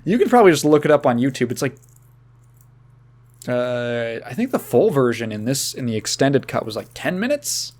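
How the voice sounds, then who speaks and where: A man's voice: medium pitch, sing-song, darkish tone. Rambling, swearing man on a podcast. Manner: rambling, laughing, swearing, halting restarts. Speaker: podcast co-host. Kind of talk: casual podcast chat.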